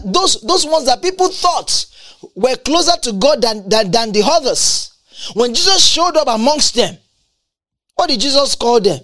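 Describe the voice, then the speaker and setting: A woman's voice: high-pitched, fairly bright tone. A woman preaching a sermon with emphatic, repetitive delivery and scripture quotations. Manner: emphatic, repeats lines for effect, quotes scripture.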